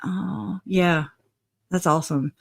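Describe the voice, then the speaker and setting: A woman's voice: fairly low pitch, slow pace, creaky. A woman hosting a casual livestream, chatting, laughing often and greeting viewers by name. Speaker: livestream host.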